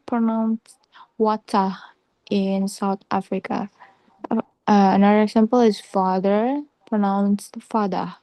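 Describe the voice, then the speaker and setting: Slow, flat-voiced woman giving a class talk. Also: mid-range voice, no room sound, poor audio. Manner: hesitant, many fillers and restarts, reading notes. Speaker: student presenter. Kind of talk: class presentation.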